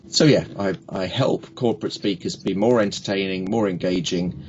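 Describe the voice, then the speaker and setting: A man's voice: sits low, steady tone, brisk, husky. A man, a speaking coach, telling jokey anecdotes in a casual interview and acting out little quoted exchanges. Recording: dull lo-fi recording.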